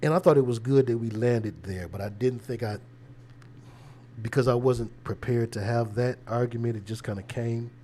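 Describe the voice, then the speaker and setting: A man's voice: medium pitch, normal speed, dark tone. A man who is a preacher, hosting a casual livestream with conversational, preachy commentary and a habit of repeating words. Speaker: preacher and show host.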